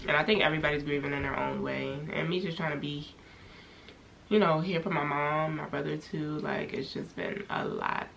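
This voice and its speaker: A woman's voice: sits low, fairly even intonation, brisk, creaky, a bit bright, slight background noise. A young woman talking candidly to her camera in a casual personal vlog, rambling with many fillers as she reflects on grief. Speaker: vlogger.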